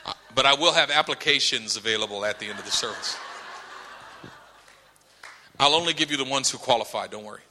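A man's voice: medium pitch, fairly quick, pauses often, a little hiss or hum. A man preaching a sermon in a church, telling a story with humor and acting out voices. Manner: animated, acts out voices, humorous asides. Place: church sanctuary. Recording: long hall reverb.

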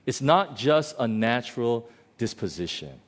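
A man preaching a sermon in a conversational, storytelling way, swinging between loud outbursts and quiet, low passages. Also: very animated, measured pace. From lives in Hong Kong. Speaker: pastor.

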